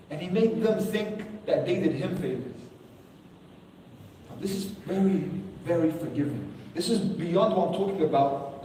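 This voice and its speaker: A man giving a Ramadan sermon as an expressive storyteller who lifts his voice for emphasis. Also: fairly high pitch, slight background noise. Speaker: Islamic lecturer. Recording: echoey hall, voice from far off.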